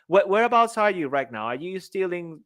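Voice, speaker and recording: A man's voice: high voice, sing-song, a little fast, a bit bright, dry recording. A man co-hosting a podcast, effusive and enthusiastic in casual chat. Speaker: podcast co-host.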